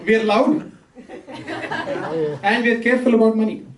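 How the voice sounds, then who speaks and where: High-voiced man doing stand-up, echoey club. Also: steady tone. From India. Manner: brisk joke delivery, quick asides to the crowd. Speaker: stand-up comedian. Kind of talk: stand-up comedy set. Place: comedy club stage with laughing audience. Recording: roomy, distant, with crowd laughter.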